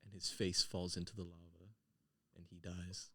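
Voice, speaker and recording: A man narrating as game master in an animated, dramatic way. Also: sits low, moderate pace, a little hiss or hum.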